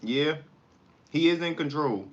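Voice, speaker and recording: A man's voice: a little high, animated, a little slow, dull audio. A man hosting a casual live stream, eating while he talks back to comments in a rambling, blunt way. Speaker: livestream host.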